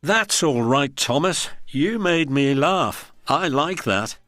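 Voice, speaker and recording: A man's voice: a little high, expressive, slow pace, fairly bright tone, no echo, studio quality, faint music behind, pitched above the performer's own voice. A man voicing a big, boastful male express engine who talks grandly and chortles. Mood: friendly.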